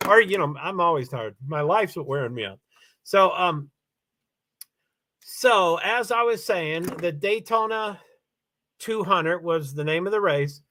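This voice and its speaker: Man, tired, high voice, rambling, casual livestream host. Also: lively intonation, a little slow, pushed and bright, slight background noise. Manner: rambling, reads names aloud, many fillers. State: tired, yawning.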